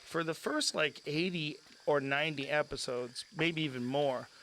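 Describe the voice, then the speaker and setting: A middle-aged podcast host chats in a laid-back, rambling way and laughs often. His voice sits a bit high for a man, with a faint hiss beneath it. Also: normal speed, bright, forceful tone. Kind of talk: casual podcast chat.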